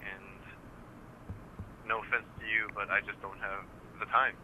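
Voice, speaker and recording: A man's voice: lowish voice, flat delivery, measured pace, crowd noise, poor audio. A man calling in to a podcast, thinking aloud in a hesitant, stammering way. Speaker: caller. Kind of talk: casual phone-in chat.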